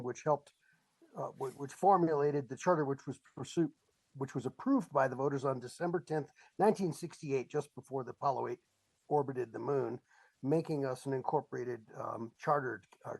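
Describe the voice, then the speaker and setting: A man in his sixties who lives locally, giving public comment over a remote call in a halting way with many fillers. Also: medium pitch, gravelly, rough recording. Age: 60s. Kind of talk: public comment at a council meeting.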